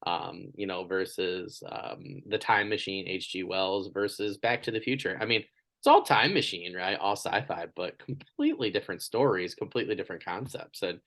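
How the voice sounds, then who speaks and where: A man with a lowish voice hosts a podcast interview in a casual, chatty way. He tells stories with bursts of animated energy and laughter in his tone. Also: normal speed. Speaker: podcast host.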